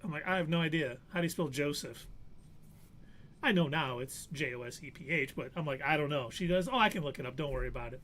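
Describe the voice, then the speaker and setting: A man's voice: a little high, brisk, slight background noise. A man on a live show casually telling a long anecdote, acting out the people in it. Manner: animated anecdote teller, acts out quoted voices. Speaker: podcast co-host. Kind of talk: casual storytelling chat.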